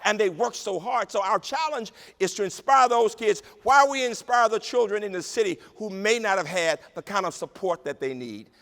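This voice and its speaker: A man giving an inspirational keynote speech in a large conference hall, with a rhythmic, repetitive cadence that drops to a hush in tender moments. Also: sits high, lively intonation, moderate pace, hardly any pauses. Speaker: keynote speaker, university president. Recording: long hall reverb over a PA.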